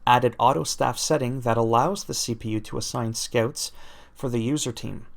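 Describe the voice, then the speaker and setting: A man's voice: medium pitch, steady tone, moderate pace, creaky. A man reading out video game patch notes aloud, breaking off with self-deprecating jokes and laughing at his own asides. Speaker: gaming YouTuber.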